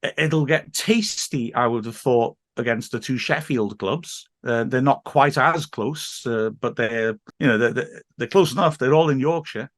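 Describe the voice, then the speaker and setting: Podcast guest: english man, mid-pitch, chatty and rambling, dry close sound. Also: normal speed, few pauses, no echo. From England. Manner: chatty, digressive, laughs often. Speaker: teacher and football guest. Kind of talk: casual podcast chat.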